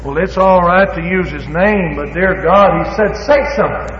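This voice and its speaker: In a church or revival hall, a man with a high-pitched voice speaking at a normal speed delivers a fervent Pentecostal sermon. He acts out snippets of dialogue as he goes. The sound is dull and lo-fi, with hall echo.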